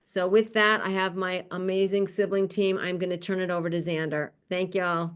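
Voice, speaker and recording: Speaking at a moderate pace, a woman with a lowish, clear, resonant voice and little pitch movement welcomes panel speakers over a video call. As host of the online conference panel, she's chatty and upbeat, often breaking into laughter during her casual introductions.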